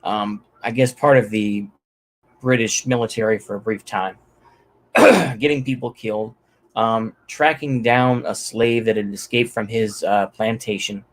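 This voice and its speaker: A man's voice: lowish voice, steady tone, unhurried. A man from Texas giving unscripted solo political commentary, rambling and profane, with many fillers and restarts.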